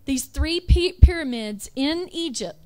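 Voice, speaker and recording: High pitched woman preaching, asks rhetorical questions, corrects herself as she goes. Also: lively intonation, unhurried, darkish tone. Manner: reads lists aloud, self-correcting. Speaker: religious speaker. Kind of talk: preaching over slides.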